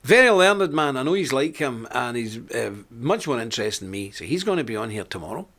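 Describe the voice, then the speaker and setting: A little fast and sing-song, with a medium pitch and fairly bright tone, an older Scottish host of a live web show talks in a chatty, joking monologue, reading out comments from viewers.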